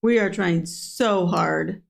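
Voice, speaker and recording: A woman's voice: fairly low pitch, slow pace, creaky. A woman co-hosting a reaction video, chatting earnestly, laughing often and sometimes stumbling over her words. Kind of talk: casual reaction chat.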